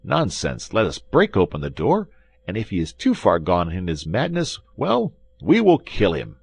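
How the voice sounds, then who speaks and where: A man voicing an angry, hot-tempered gentleman from a classic adventure audiobook, indignant and blustering. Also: on the low side, big pitch swings, measured pace, gravelly, breathy edge, voice pushed up, exaggerated voice.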